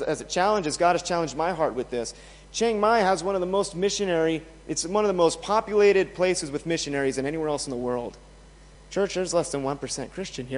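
A pastor preaching a sermon to his church, emphatic, asking rhetorical questions and swinging between loud and soft. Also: high voice, big-room sound. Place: church in a large hall.

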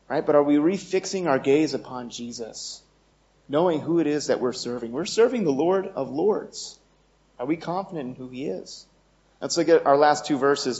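A man's voice: on the high side, darkish tone, lo-fi sound. A man preaching a sermon, earnest and turning bold and emphatic as he drives his points home.

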